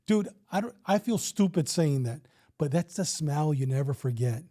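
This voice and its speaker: A man's voice: a little high, lively intonation, normal speed, warm tone. A man in his fifties, a retired police officer, telling a story in a casual interview and acting out the dialogue with some swearing.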